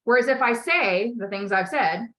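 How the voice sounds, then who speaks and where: A woman's voice: on the high side, animated, normal speed, sharp tone, poor audio. A woman podcast host coaching a guest in a candid conversation, talking emphatically with frequent swearing and strong emotion.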